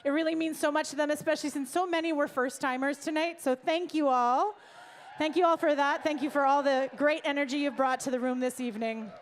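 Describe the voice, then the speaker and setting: A woman hosting a live stage event, playful and energetic, shouting out to the crowd and reading messages in a music venue. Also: sits high, fairly quick. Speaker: event host.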